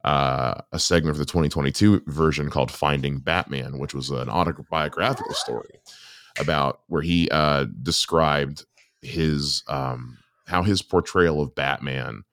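Very deep-voiced podcast host, dry sound. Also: male voice, fairly bright tone, no room sound. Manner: halting, many fillers. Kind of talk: casual chat.

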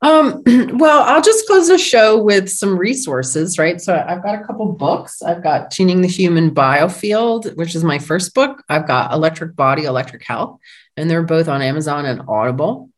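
A woman's voice: on the low side, expressive, normal speed. A middle-aged woman being interviewed as an author, talking casually and laughing often as she acts out her own past remarks. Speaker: guest, author and sound researcher.

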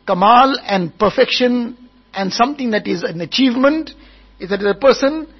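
A man's voice: very high voice, expressive, moderate pace, slightly rough, highs cut off. A man preaching at a wedding gathering, telling a story and repeating each point several times. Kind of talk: storytelling sermon.

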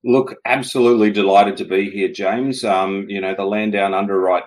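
A man in his forties with an Australian accent, chatting as a guest in a relaxed interview and laughing often. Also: fairly low pitch, moderate pace. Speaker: guest, security executive. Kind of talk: casual interview chat.

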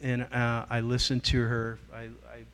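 A man's voice: mid-range voice, measured pace, a little hiss or hum. A middle-aged man speaks as a guest teacher at a church gathering. He tells stories with lots of life, leaning into quoted voices and changing his delivery as he goes. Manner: storytelling, animated, acts out quoted voices. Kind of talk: teaching talk to a church group.

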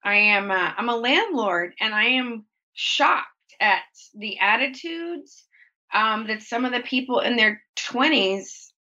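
A woman's voice: a little high, animated, slow pace, sharp tone, dull audio. A woman talking candidly as an interview guest. She is open and reflective, and she acts out her own inner thoughts in livelier voices.

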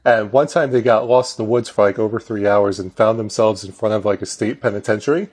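A man's voice: lowish voice, fairly quick, a little mellow, slightly rough. A man as a podcast guest, talking in a rambling, self-deprecating way. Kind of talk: casual chat.

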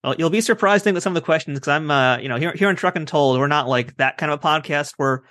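Fast-talking podcast host, a man. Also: fairly high pitch, fairly bright tone, dry recording, clean studio sound. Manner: rambling, friendly, full of fillers. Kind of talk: podcast interview.

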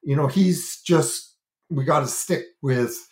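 A man's voice: a little high, takes it slowly, a little mellow, roomy sound. A man explaining self-regulation on a talk show, earnest and thinking aloud with lots of fillers and restarts, gesturing with his hands as he talks. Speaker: parenting and self-regulation educator.

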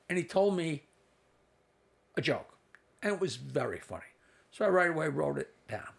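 A comedian in his sixties tells long anecdotes in a relaxed interview, doubling back and adding asides. His voice is gravelly with a slightly raised pitch. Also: moderate pace. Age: 60s. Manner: rambling anecdotes with asides and restarts. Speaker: comedian guest. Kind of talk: storytelling in a casual interview.

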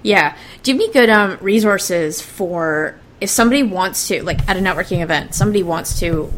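A woman's voice: on the low side, animated, a little fast, fairly bright tone. A woman hosting an interview, giving brief agreement sounds and asking plain, direct questions. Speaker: host.

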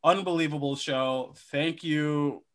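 A man co-hosting a comedy podcast, riffing in an animated way and slipping into mock voices. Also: on the high side, takes it slowly. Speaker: podcast co-host. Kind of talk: casual comedic chat.

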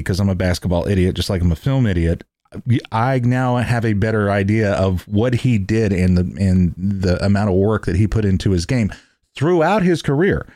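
A man's voice: lowish voice, darkish tone, no echo, clean studio sound. A man hosting a casual podcast chat, rambling and correcting himself as he talks. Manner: rambling, restarts and self-corrections.

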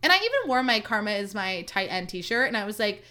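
Woman podcast host, chatty and mock-dramatic, crisp bright tone, mid-pitched. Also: very animated, fairly quick, few pauses. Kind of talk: casual solo chat.

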